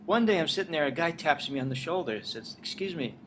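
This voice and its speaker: A man's voice: on the high side, fast, noisy background. An older man, a writer-director and former singer, telling his career stories in a casual interview, acting out the dialogue he quotes. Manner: animated storyteller, acts out dialogue in quotes. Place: Los Angeles.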